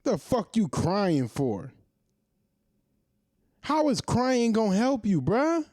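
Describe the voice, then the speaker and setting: A man in his thirties rants straight into the mic, firing off profane rhetorical questions. His pitch swings widely as he heats up, and the sound is dry with no room echo. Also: sing-song, slow pace, a little mellow. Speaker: commentary host. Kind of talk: ranting monologue.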